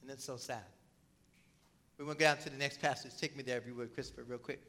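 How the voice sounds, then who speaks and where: A man preaching a sermon who reads scripture aloud and explains it, pausing often to cough and clear a tickle in his throat. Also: mid-range voice, steady tone, pushed and bright. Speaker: pastor.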